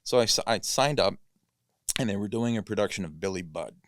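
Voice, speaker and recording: A man's voice: lowish voice, animated, brisk, no room sound. A male actor, a guest in a podcast studio, telling a long story in a casual, rambling way, often correcting himself and filling gaps with "you know".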